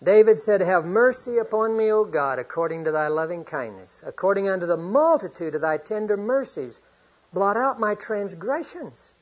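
Husky middle-aged preacher man. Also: sits high, animated, moderate pace. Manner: earnest, swings from loud to hushed; reads scripture aloud often. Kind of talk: sermon. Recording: dull lo-fi recording.

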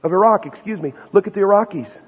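Male pastor, high and husky, punchy conversational sermon delivery; dull church recording with a long hall tail. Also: fast. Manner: emphatic, conversational preaching with rhetorical questions.

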